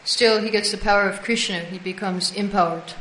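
A woman leads a devotional class, retelling old stories and acting out the quoted dialogue. She answers her listeners as she goes. Her voice sits at an everyday middle pitch and carries a roomy echo. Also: fairly even intonation, a little fast, fairly bright tone. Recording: echoey room.

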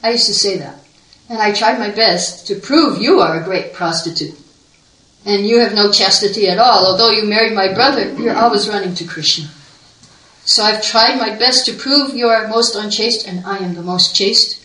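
A proud, humbled sister-in-law confesses through tears, spoken by a woman telling the tale. Her tone is bright and forceful. The room echoes, and she sits back from the mic. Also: mid-range voice, normal speed, distant mic, close to an everyday voice. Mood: tearful confession. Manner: tearful, confessing.

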